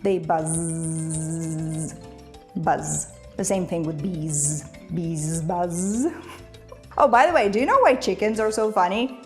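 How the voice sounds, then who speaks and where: Young woman, ukrainian native, teaching english, bouncy pitch, jokey and laughing a lot. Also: animated, moderate pace, faint music behind. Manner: playful, laughs often, imitates animal sounds. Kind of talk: casual video lesson.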